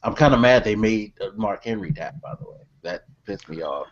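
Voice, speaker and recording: A man's voice: on the low side, animated, fairly quick. A man chatting casually on a podcast, easygoing and chiming in with his view. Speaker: podcast co-host. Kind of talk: casual chat. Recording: muffled lo-fi audio.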